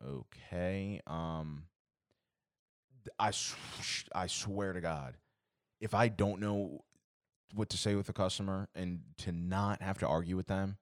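Low-voiced man ranting, profane. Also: slow, dry recording, clean studio sound. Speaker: podcast co-host. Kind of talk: casual podcast rant.

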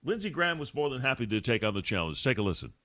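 Animated sarcastic radio host man. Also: medium pitch, very fast. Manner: sarcastic, animated, rhetorical questions. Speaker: radio talk show host. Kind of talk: talk radio commentary.

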